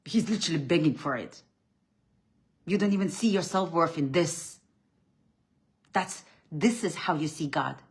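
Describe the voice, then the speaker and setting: Blunt, preachy woman with a lowish voice. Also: unhurried, long pauses. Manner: blunt, preachy, swings between loud emphatic bursts and low quiet lines; restarts and repeats words mid-thought. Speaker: spiritual coach. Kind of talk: motivational faith talk.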